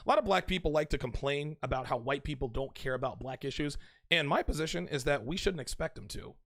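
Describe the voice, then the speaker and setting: A man with a somewhat high voice lectures his audience directly as host of his own show. He is emphatic and forceful, and he hammers his points home by saying them twice. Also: lively intonation, quick pace. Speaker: podcast host. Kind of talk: direct-to-camera advice monologue.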